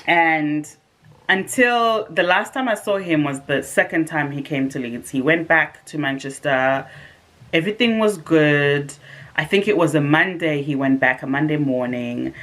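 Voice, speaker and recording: A woman vlogging, telling a personal story in a casual, animated and sarcastic way with rhetorical asides. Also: sits low, unhurried.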